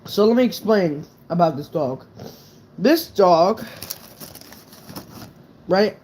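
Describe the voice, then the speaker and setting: A man's voice: high-pitched, lively intonation, slow pace, darkish tone, slight background noise. A young man casually telling a true story on a live stream, rambling and swearing, with lots of "right?" fillers.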